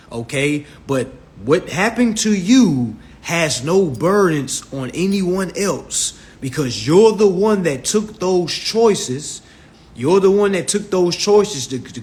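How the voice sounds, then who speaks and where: A young man hosting a phone livestream, giving blunt, profane instructions on reading contracts and checking in with his viewers again and again. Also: on the high side. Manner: blunt, profane, keeps checking in with "all right?"; repetitive, emphatic preaching tone. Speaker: livestream host teaching consumer law. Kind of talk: casual instructional livestream rant. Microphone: phone on a live stream.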